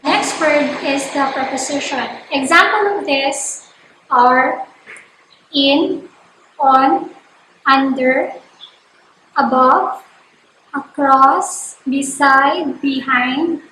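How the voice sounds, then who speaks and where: A woman teacher talks through an online English lesson in a high, bright voice, naming examples one by one at an unhurried pace. Her voice rings in an echoey room with a faint hiss underneath. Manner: slow, deliberate listing of examples with fillers.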